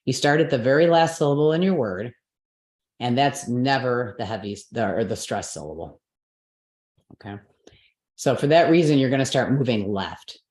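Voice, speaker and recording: A woman's voice: rumbling low, lively intonation, moderate pace, a little mellow. Patient woman teaching in a roomy space. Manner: patient, checks understanding with frequent "right?" and "okay". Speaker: Sanskrit pronunciation teacher. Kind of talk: explanatory online class. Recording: roomy echo.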